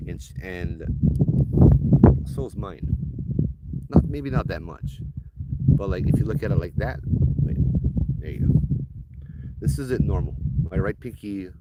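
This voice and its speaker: Hawaiian Pidgin-accented guide, lowish male voice, lively storyteller, loud noise behind, for an outdoor ghost tour. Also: measured pace, pauses often. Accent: Hawaiian Pidgin English. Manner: animated, laughing, acts out the people in his tale. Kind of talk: casual live storytelling to a group. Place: outdoors at an old temple site.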